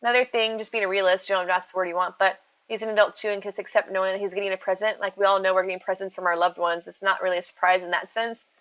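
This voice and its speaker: Bright chatty woman streaming from home, talks back to chat nonstop. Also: medium pitch, flat delivery, very fast, few pauses, poor audio. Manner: chatty, reads out and answers viewer messages. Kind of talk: casual live-stream chat. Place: at home with her cats.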